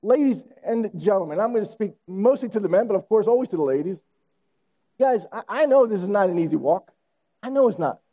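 A man's voice: high voice, lively intonation, a little fast, dark tone. A man in his sixties preaching a sermon, telling a story and repeating phrases for emphasis. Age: 60s. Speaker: pastor.

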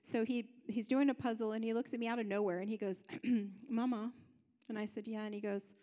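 A woman's voice: on the high side, flat delivery, a little fast, mellow, big-room sound. A woman telling a personal story in a sermon, in a conversational way, acting out what other people said. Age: adult parent.

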